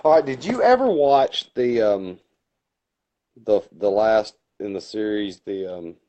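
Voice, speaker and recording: A man with a Boston accent, co-hosting a podcast, telling movie scenes in a casual, animated way. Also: lowish voice, unhurried. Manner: animated storyteller acting out quotes. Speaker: podcast co-host. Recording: dull lo-fi sound.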